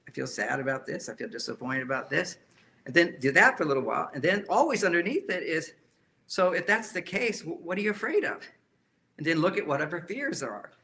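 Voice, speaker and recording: A man's voice: a little high, sing-song, fairly quick, bright, forceful tone, slight background noise. A man speaking as a relationship counselor, giving an emphatic talk to a live audience and often repeating key phrases.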